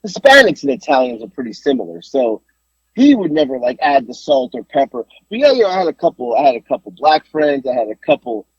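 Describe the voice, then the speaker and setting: A man with a rough, breathy voice tells a story on a podcast in loose, casual chat. His pitch jumps around a lot as he rambles and restarts, and the sound is dry and slightly muffled, like a low-fi home recording. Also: sing-song, fairly quick, dry recording. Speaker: podcast host.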